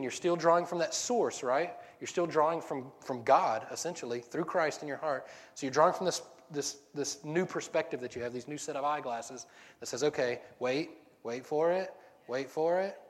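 A man's voice: fairly high pitch, moderate pace. A man preaching a casual sermon, rambling and joking, often breaking off mid-sentence. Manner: rambling, self-interrupting, joking. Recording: long hall reverb.

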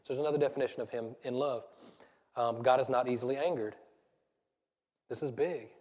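A man's voice: medium pitch, fairly even intonation, a little fast, darkish tone. A man in his thirties with a Southern US accent, preaching a casual, conversational sermon that rambles and turns self-deprecating. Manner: rambling, self-deprecating, laughs at own stories. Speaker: pastor. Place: church sanctuary. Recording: church hall with long reverb.

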